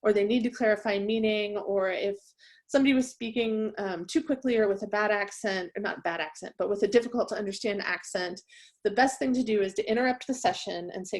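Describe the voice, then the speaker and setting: A woman's voice: mid-range voice, a little fast, a little mellow. A woman who trains interpreters, giving a conversational webinar presentation and often checking in with her listeners. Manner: conversational, checks in with frequent "right?".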